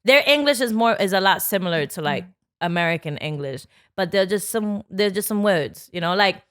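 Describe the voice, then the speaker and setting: A woman in her thirties from New York, guest on a casual talk show, telling stories in an animated way and acting out what people said. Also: mid-range voice, moderate pace, dry recording, studio quality. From New York, Bronx. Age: 30s. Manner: animated storytelling, acts out quotes. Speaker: guest comedian. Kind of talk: casual podcast chat.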